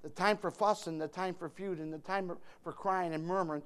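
A man delivers a sermon in a fairly high voice. He is emphatic, rising from quiet asides to shouted bursts and trading jokes with the congregation. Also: fairly even intonation, brisk, clear, resonant tone. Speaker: preacher.

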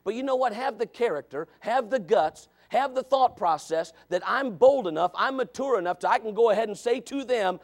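High-voiced fiery preacher man. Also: animated, fast, hardly any pauses. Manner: preachy, repetitive, builds to shouting. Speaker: Baptist preacher. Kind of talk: fiery Sunday school sermon.

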